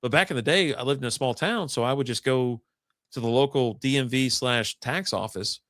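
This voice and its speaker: A man's voice: mid-range voice, normal speed, a bit bright, no room sound, studio quality. A man hosting a casual chat, telling a rambling, profane story and acting out the people in it. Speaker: podcast host.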